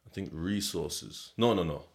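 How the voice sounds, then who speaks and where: A young man with a low voice speaks at a measured pace while hosting a casual podcast by himself. He wanders through slangy, swear-filled chat, laughing frequently.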